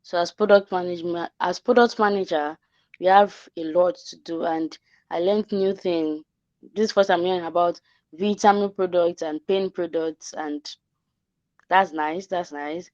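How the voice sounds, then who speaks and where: A woman sums up an online class in earnest tones, her voice on the low side. The call audio is dull and dry, with no room sound. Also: fairly even intonation, measured pace, darkish tone, dry recording. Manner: earnest, summarizing, hesitant restarts. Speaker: class coordinator. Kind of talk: thanking remarks in an online class.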